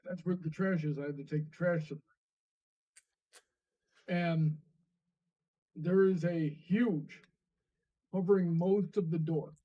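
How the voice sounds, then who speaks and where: Male co-host, halting casual storytelling, slightly high, recorded distant and muffled. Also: fairly even intonation. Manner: rambling, halting, many fillers.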